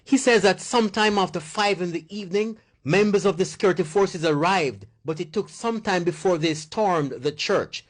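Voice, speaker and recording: A male reporter with a fairly high voice reads a scripted news report. His delivery is measured and formal.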